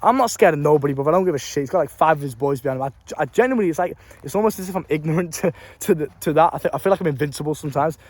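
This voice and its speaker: A man's voice: on the high side, rapid-fire, hardly any pauses. A young English man, telling a story and giving advice in a blunt, profane way, recorded on a phone. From England. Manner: blunt, profane, emphatic with street slang. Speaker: vlogger.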